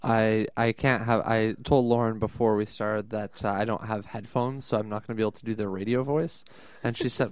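A man's voice: lowish voice, steady tone, fairly quick, few pauses, darkish tone, smooth, no room sound. A man from Canada, a band member, talking in a wry, casual studio interview. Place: radio studio.

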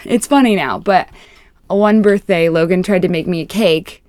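A woman's voice: fairly low pitch, moderate pace, a little mellow, no room sound. A young woman, a musician being interviewed, talking in a rambling, reflective way with lots of "like". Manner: rambling, heavy use of "like", reflective. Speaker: musician guest. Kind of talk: casual interview chat.

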